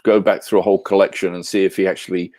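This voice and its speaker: A man co-hosting a casual podcast chat, talking in a halting way with many restarts. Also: low voice, flat delivery, dark tone. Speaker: podcast co-host.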